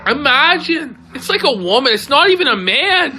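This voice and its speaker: A woman giving excited, swearing commentary on a video in a casual talk show. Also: sits high, normal speed. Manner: excitable, exclaiming, swears often.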